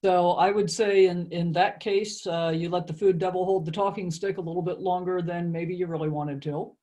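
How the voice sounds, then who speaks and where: A woman's voice: lowish voice, fairly even intonation, normal speed, mellow. A woman coaching a group call, affirming and asking guiding questions. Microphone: video call.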